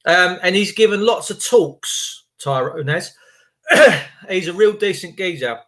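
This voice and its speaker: A man's voice: high-pitched, expressive, unhurried, fairly bright tone. A man telling a rambling story in a chatty, emphatic, repetitive way. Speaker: vlogger.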